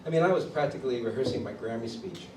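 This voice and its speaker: A man from Chicago, a drummer, tells his story at a clinic in an animated way and acts out the voices of the people he quotes. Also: mid-range voice, fast talker. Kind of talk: storytelling interview. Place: drum clinic in a studio room. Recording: distant mic in an echoey room with background noise.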